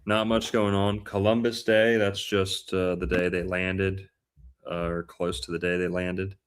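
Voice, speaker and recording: A man's voice: sits low, little pitch movement, measured pace, smooth. A man hosting a casual podcast chat about astrology, playful and punning, stretching out words for emphasis. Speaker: podcast host.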